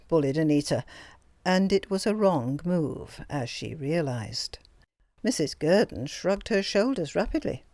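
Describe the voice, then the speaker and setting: A woman narrating a novel aloud as an audiobook, in an expressive storytelling manner. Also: sits low, measured pace, no echo. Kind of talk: scripted narration.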